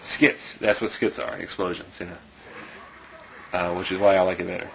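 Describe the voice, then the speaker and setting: Low-voiced rambling man. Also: level tone, normal speed, creaky, a little hiss or hum, rough recording. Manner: rambling, heavy on fillers, chuckles often. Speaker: video commentator. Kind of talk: rambling casual commentary.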